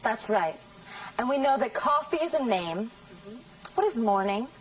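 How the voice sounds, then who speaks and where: A woman teacher leads a scripted language lesson, speaking at a very slow, measured pace with a slightly high voice. She over-articulates each model sentence for her learners. The mic catches her from a distance. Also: animated. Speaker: English teacher.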